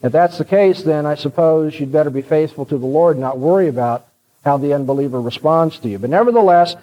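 A male preacher delivers a sermon in an earnest, direct manner, walking listeners through his point. His voice runs fairly high. The recording sounds dull and lo-fi. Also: fast talker, big-room sound.

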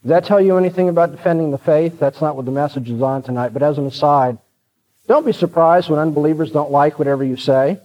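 A male preacher delivers a sermon in an earnest, direct manner, walking listeners through his point. His voice runs fairly high. The recording sounds dull and lo-fi. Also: quick pace, in a large hall.

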